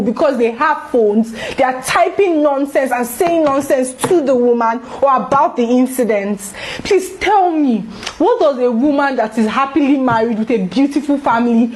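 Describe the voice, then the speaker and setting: A young Nigerian woman speaks straight to her viewers in a high, bright-pitched voice. Her delivery is emphatic and indignant, driven by pointed rhetorical questions. A faint background hiss sits under the voice. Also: low-quality recording. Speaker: vlogger. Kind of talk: opinion vlog commentary.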